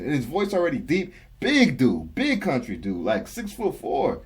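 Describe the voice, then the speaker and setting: A young man with a husky, slightly higher voice talks through a reaction video. His pitch swings widely as he laughs and jokes back at the clip. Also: wildly swooping pitch, moderate pace, hardly any pauses. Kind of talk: casual reaction commentary.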